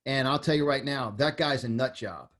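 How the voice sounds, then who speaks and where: A man's voice: mid-range voice, moderate pace, a bit bright. A man in his fifties from New York, with a New York accent, talking as a podcast guest in an intense, emphatic way and often repeating phrases. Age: 50s. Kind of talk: impassioned political talk.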